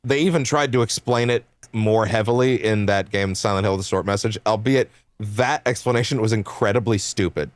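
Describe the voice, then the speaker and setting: A man's voice: lowish voice, moderate pace, hardly any pauses, dry recording. Rambling, laughing young man streamer. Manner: rambling, animated, laughs often, swears casually. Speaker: game streamer. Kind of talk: casual chat while livestreaming.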